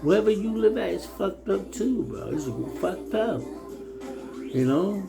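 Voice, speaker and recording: A man's voice: high voice, lively intonation, a little slow, gravelly, music in the background, rough recording. A man from New City, ranting heatedly in a repetitive, stammering, profane way about his town. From New York City. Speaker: local resident. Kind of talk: casual ranting monologue.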